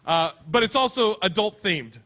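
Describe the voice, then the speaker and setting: A man's voice: high voice, very animated, normal speed, bright, forceful tone. A man hosting a comedy show on stage, making easygoing announcements full of fillers before introducing the first comic. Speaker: show host and emcee.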